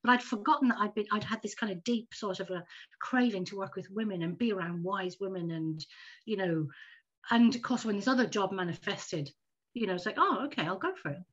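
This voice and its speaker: A woman in her fifties telling a personal story in a casual, animated chat as a podcast guest. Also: medium pitch, fairly quick. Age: 50s. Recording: dull lo-fi audio.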